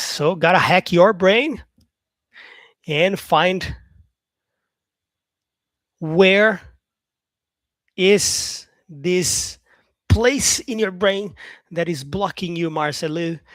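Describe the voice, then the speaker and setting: Speaking extremely slowly with frequent pauses, this English teacher and livestream host has a high, fairly bright voice captured without room sound. Cheerful and encouraging, he chats casually, repeating phrases as he reads and responds to viewer comments.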